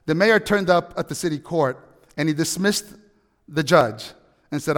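A man preaching a sermon, telling a story with animated, emphatic peaks. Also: on the high side, normal speed, long reverb tail. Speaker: pastor.

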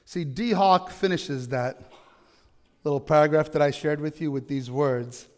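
A man's voice: fairly high pitch, unhurried, darkish tone. Emphatic male pastor in a reverberant hall. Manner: emphatic, asks the congregation questions. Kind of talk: sermon. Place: church.

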